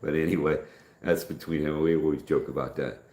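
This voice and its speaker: A man's voice: extremely low pitch, fairly even intonation, a little fast, a little mellow. A middle-aged man from the United States hosting a live stream, rambling through stories in casual chat and acting out quoted dialogue. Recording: echoey room.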